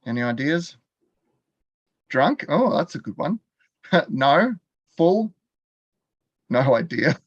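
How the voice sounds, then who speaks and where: A man's voice: a little high, big pitch swings, slow, long pauses, husky, no room sound, muffled recording. An Australian man teaching a live online class from his computer. He talks in a chatty way, laughs often and quizzes the viewers in the chat. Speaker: continuing education teacher.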